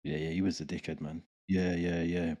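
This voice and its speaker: A man chats in a laid-back, slangy way. His voice is very low and dark, with a husky edge. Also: little pitch movement, moderate pace. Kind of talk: casual chat.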